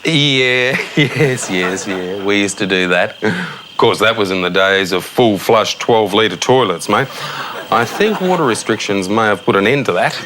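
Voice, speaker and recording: A breezy Australian dad. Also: male voice, lowish voice, expressive, a little slow, bright, forceful tone, slight background noise. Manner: breezy, chummy, keeps calling his son mate. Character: blithely tactless suburban dad, cheerful and careless. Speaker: father tucking his son into bed. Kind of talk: TV sketch comedy acting. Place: child's bedroom at night, a TV set.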